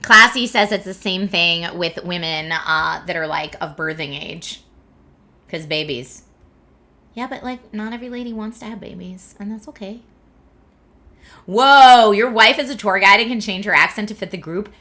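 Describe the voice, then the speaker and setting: A woman from the Philadelphia area streams from her home setup in California, chatting casually with viewers, reading their comments and laughing often. Her voice is mid-range and sharp in tone, at a moderate pace.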